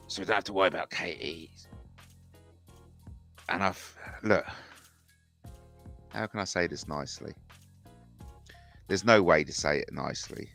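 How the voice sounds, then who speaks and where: A man's voice: deep voice, animated, a little slow, long pauses, fairly bright tone, soft background music. A man hosting a rambling livestream, mocking and swearing and repeating himself. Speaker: host. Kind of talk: rambling solo livestream rant.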